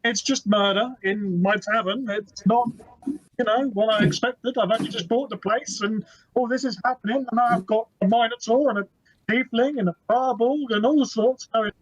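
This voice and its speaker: A man's voice: very high voice, moderate pace, no echo, dull audio, pitched above the performer's own voice. A man voicing a jittery, frightened male tavern keeper who stammers and keeps apologizing. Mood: flustered.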